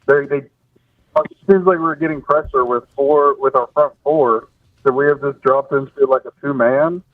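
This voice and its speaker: A man's voice: medium pitch, steady tone, normal speed, no room sound. A man calling in to a live show, asking casual questions. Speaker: caller. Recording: distant tinny phone line.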